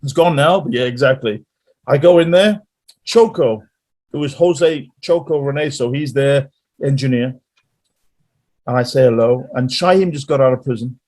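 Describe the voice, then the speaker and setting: Male guest musician, rambling storyteller, mid-pitched voice. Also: moderate pace, darkish tone. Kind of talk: casual interview chat.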